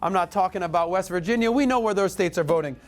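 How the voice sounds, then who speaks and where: A man's voice: high-pitched, fast. A man from Florida hosting a show, delivering emphatic, blunt commentary straight to camera, with casual swearing and repeated calls to action. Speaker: show host. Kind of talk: direct-to-camera political commentary.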